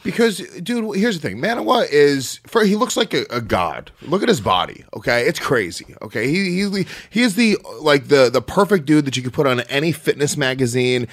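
A man co-hosting a podcast, pressing his opinions hard and swearing as he goes. His voice is a little higher than most men's, and the sound is dry and close. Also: sing-song, moderate pace, hardly any pauses, no room sound. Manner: emphatic, opinionated, profane. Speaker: podcast co-host. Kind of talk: casual podcast chat.

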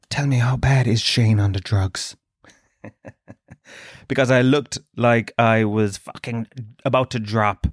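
A man's voice: mid-range voice, fairly bright tone, dry recording, studio quality. A middle-aged Irish man from Dublin hosting a podcast, telling self-mocking comic stories full of swearing. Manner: sweary, self-mocking storytelling with put-on voices. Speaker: podcast host. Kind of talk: comic monologue.

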